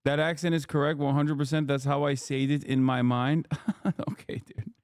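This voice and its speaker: A man's voice: a little high, level tone, normal speed, smooth, dry recording, clean studio sound. A man streaming from his living room, giving profane, exasperated political commentary. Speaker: Twitch streamer.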